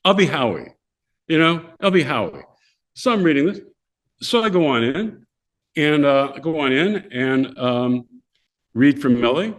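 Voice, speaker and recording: An older man appears as a podcast guest, telling casual stories in an animated way and acting out the voices of the people in them. His voice is a little high, and he speaks at a measured pace, pausing often.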